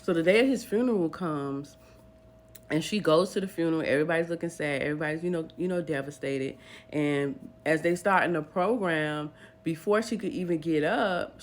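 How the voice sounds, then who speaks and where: A woman retelling a dramatic true story in a casual storytime way, animatedly acting out the people's lines. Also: low voice.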